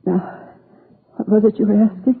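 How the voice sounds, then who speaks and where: An actress playing a gentle, grieving mother in her sixties in a 1950s radio drama, soft-spoken and halting, with a creaky, husky voice. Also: mid-range voice, steady tone. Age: 60s. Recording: tinny old radio broadcast.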